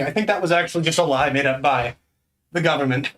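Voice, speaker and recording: A man's voice: a little high, fast, a bit bright. A man streaming live, chatting casually and counting exercise reps aloud while out of breath.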